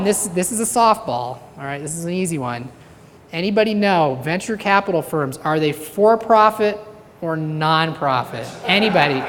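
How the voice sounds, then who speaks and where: Low-voiced woman giving a joking talk. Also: animated, normal speed. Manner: joking, engaging the audience. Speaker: venture capitalist speaker. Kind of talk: interactive talk to an audience. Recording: reverberant hall, faint noise.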